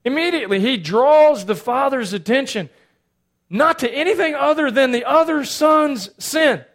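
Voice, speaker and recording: A male pastor preaching a sermon, swinging between loud emphatic lines and hushed asides. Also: extremely high pitch, normal speed.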